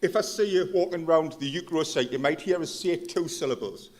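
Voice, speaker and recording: Geordie man, chief fire officer, welcome speech, rambling, jokey, slightly high-pitched. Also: brisk, darkish tone. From Gateshead, North East England. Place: hotel function room.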